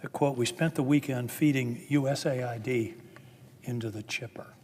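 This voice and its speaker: A man's voice: medium pitch, steady tone, normal speed, a little mellow. Man giving an earnest chamber speech. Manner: earnest, building emphasis. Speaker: senator. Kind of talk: formal floor speech. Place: legislative chamber. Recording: long reverb of a large chamber.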